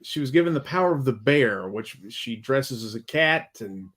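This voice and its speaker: A man hosting a casual movie discussion who gives blunt, opinionated critiques in a steady roll. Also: mid-range voice, moderate pace. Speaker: podcast host.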